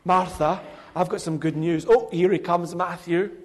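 A man leading a children's talk in a church service, speaking gently and playfully and calling children by name, into a handheld microphone. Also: high-pitched, steady tone, moderate pace. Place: church hall with congregation. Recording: reverberant hall.

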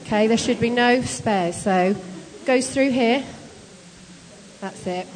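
A woman leading a group through a timed bed-making task, brisk, encouraging and teasing as she hands out jobs. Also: a little high, darkish tone, in a large hall. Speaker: shelter volunteer leader running a bed-making activity. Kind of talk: casual instructions to a group.

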